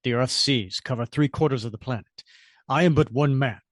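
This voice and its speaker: A man's voice: medium pitch, brisk, dry recording, studio quality, lightly acted. A man voicing a proud, brooding undersea prince who speaks in formal, stately lines from a comic. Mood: solemn.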